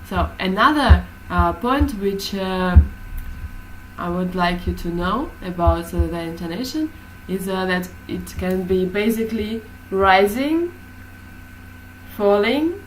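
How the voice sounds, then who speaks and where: A woman's voice: mid-range voice, slow, slight background noise, rough recording. A woman teaching a class, explaining hesitantly with many fillers.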